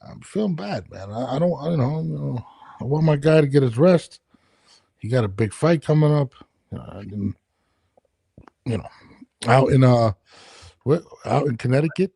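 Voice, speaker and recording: A man's voice: medium pitch, moderate pace, gravelly, long pauses, slightly rough, dry recording. A man hosting a podcast from his home studio, talking casually and ranting with lots of swearing. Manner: profane, animated ranting. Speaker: podcast host. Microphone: studio headphones and mic.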